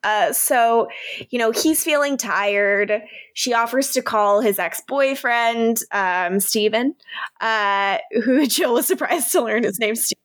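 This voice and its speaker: A woman chatting casually as a podcast co-host, her voice sitting a little high. She laughs often and slips into the characters' lines as she retells scenes. The sound is dry and close. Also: slow, dry recording. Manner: lively, giggly, acts out characters' lines while retelling. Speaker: podcast co-host recapping a TV episode. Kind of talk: casual chat.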